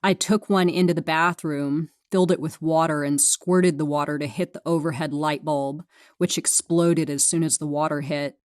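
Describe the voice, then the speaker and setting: A low-voiced woman reads her memoir as an audiobook, speaking frankly and with a sardonic, dry wit. The recording is close and completely dry, with no room sound. She is from California. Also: steady tone, moderate pace, a little mellow, no echo. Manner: frank, sardonic, dryly funny. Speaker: memoir narrator.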